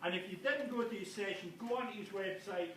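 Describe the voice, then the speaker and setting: Brief: high-voiced male conference speaker, jokey and self-mocking, recorded in a roomy hall from far off. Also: fairly quick, a bit bright. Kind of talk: comic talk to a live audience. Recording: echoey hall, distant mic, noisy room.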